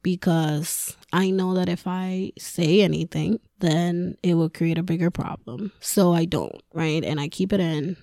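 Mom podcaster woman just venting, swears a lot, kinda low and gravelly, mellow dark tone. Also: unhurried, hardly any pauses, no echo, clean studio sound. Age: adult with a school-age daughter. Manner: candid and profane, laughs often. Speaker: podcast host. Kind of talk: casual personal rant.

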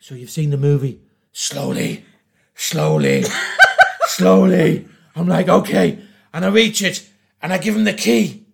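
A man telling a comic story, animated, acting out the voices and swearing freely. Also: high-pitched, a little slow, creaky.

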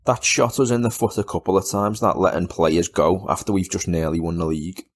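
A laid-back man with a very low voice chats about football on a podcast. He mostly agrees in short replies and then talks at length in a relaxed way. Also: brisk. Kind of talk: casual football chat.

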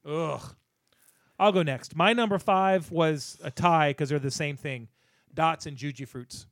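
A man's voice: on the high side, measured pace, no echo, clean studio sound. A man co-hosting a casual podcast chat, swearing and bursting into mock outrage.

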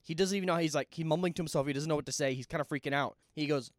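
Rambling young man, slightly high voice. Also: rapid-fire, no room sound, clean studio sound. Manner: rambling, restarts mid-thought. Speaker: podcast co-host. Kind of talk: casual film discussion.

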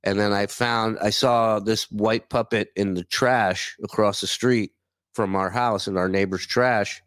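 A man's voice: lowish voice, steady tone, measured pace, a bit bright, clear, resonant tone, no echo, clean studio sound. A man chatting as a guest on a video call, easygoing and talkative, swearing casually. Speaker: guest, former radio show staffer. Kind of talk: casual chat.

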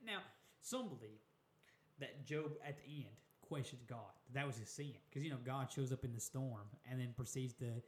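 Animated man explaining in an echoey room. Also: mid-range voice, moderate pace. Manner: animated, preacher-like explaining with "you know" asides. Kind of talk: casual chat about the Bible.

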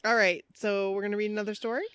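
Woman podcast cohost, chatty, reads a fan story out loud, dry close sound. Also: mid-range voice, level tone, fast, clear, resonant tone, no room sound. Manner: chatty, laughing, reads aloud with asides. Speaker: podcast co-host. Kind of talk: casual chat and reading a listener story.

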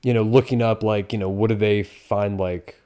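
A man's voice: fairly low pitch, steady tone, moderate pace, warm tone. A man co-hosting a podcast in casual, rambling chat full of fillers and swearing. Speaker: podcast co-host.

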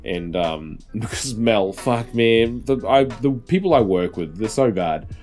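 Rambling man with a low voice. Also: expressive, unhurried, faint music behind. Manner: rambling, swears freely, acts out quoted lines loudly. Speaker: podcast co-host. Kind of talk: casual chat.

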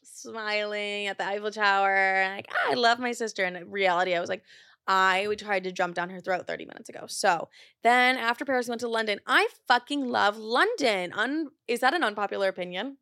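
A woman hosts a podcast in loose, chatty talk, packed with "like" and swear words. Her voice sits in a middle pitch, and her speech is recorded dry and close, with no room echo. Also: brisk, bright, forceful tone. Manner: chatty, profane, heavy use of "like"; gets heated while telling a story. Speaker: podcast host. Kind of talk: casual chat.

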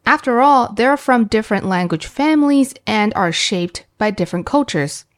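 A woman teaching beginners Mandarin, explaining slowly and clearly and demonstrating each tone aloud. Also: on the high side, lively intonation. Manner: slow and clear, demonstrating sounds with sung tones.

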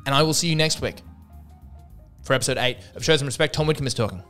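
A man's voice: mid-range voice, fast, a bit bright, soft background music. A man hosting a solo comedy podcast, talking in a wry, self-mocking way and acting out the voices in his jokes. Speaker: podcast host.

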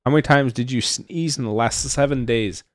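A man's voice: mid-range voice, fairly quick, no echo, clean studio sound. A young man hosting a podcast, firing off casual questions in a laid-back, swearing, mumbly way. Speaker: podcast host. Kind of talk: casual chat, quick-fire questions.

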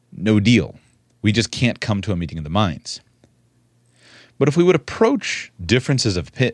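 Man, commentary, earnest and measured, low voice, dry close sound. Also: no echo. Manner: measured, earnest, repeats words for emphasis. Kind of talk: spoken political commentary.

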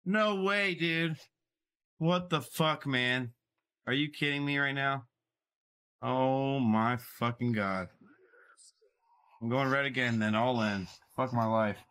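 Man, bright edgy voice, unhurried drawl, loud cursing, shouts and grumbles. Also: medium pitch. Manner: loud swearing, yelling with big swings. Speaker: livestreamer. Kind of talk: live-stream reactions.

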